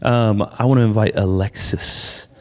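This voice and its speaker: A man's voice: lowish voice, a little slow, in a large hall, background noise. A man preaching a conversational sermon as pastor, then introducing a guest speaker. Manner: conversational, animated in asides. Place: church sanctuary.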